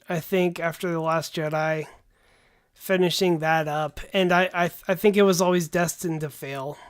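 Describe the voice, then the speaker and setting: A man hosting a livestream who talks in a casual, rambling way and calls people "dude". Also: high voice. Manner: laid-back, rambling, says "dude" often. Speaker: livestream host.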